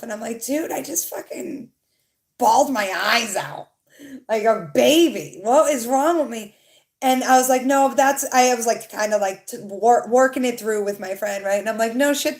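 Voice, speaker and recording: Woman, young adult, tarot livestream host, casual rambling chat, swears offhand, talks to viewers, slightly high voice. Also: darkish tone. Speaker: tarot reader hosting a livestream.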